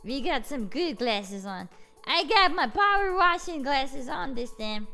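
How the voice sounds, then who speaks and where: A woman's voice: sits high, very animated, measured pace, sharp tone, faint music behind, exaggerated voice. A woman streamer voicing a laid-back, boastful bearded guy who rambles, swears casually and laughs at himself while gaming. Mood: goofy. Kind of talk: live game stream in character.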